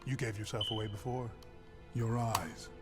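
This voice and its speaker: A man's voice: lowish voice, steady tone, natural voice. Male actor as a silky scheming devil, cartoon, heavy score behind. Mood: taunting. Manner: silky, taunting, measured. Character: smooth scheming male devil host of games. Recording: played from a show with music underneath.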